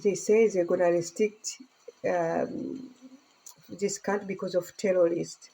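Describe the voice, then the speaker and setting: A woman's voice: lowish voice, fairly even intonation, measured pace, vocal fry, mellow, rough recording. A woman vlogger in a casual chat, talking in rambling, emotional broken English and laughing often.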